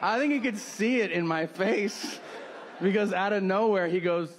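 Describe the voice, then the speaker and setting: Man doing stand-up, exasperated storytelling, slightly high male voice, stage recording, audience noise behind. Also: moderate pace. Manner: exasperated storytelling, acts out both sides of a conversation. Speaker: stand-up comedian. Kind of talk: stand-up comedy routine. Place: comedy stage before a live audience. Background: audience laughter.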